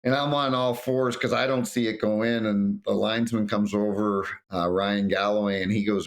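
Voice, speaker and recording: Man, low voice, middle-aged, storytelling guest, animated anecdotes. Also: moderate pace, few pauses. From North America. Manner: animated anecdotes, acts out quotes. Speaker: guest, former referee. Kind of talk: storytelling interview.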